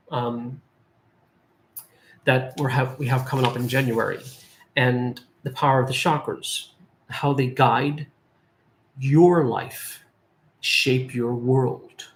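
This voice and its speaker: Earnest man giving a spiritual talk. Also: medium pitch. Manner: earnest, repeats phrases for emphasis. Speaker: medium and life guide.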